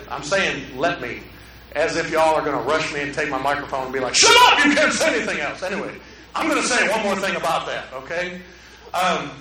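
A man's voice: high voice, sharp tone, far from the mic, a little hiss or hum. A male pastor, preaching a sermon in folksy storytelling style, acting out quotes. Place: church sanctuary. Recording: echoey hall, preacher away from mic.

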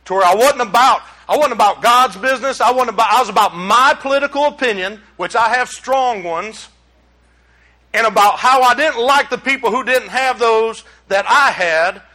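A middle-aged pastor, preaching a sermon in a folksy, emphatic way that climbs into exclamations. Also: male voice, sits high, bright, forceful tone.

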